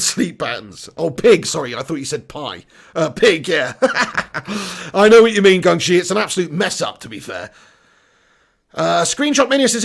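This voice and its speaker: A British man hosts a casual live football stream, chatting and reading viewer comments aloud. His voice sits high and swings widely, with a gravelly fry at the ends of phrases. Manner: chatty, laughs often, reads out viewer comments.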